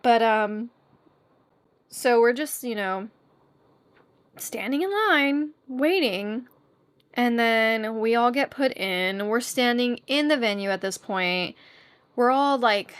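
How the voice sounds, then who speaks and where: A young woman, hosting a podcast and telling a story in a chatty, animated way, squeaking when she acts out quotes. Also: takes it slowly, long pauses, clear, resonant tone. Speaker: podcast host. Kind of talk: casual storytelling monologue.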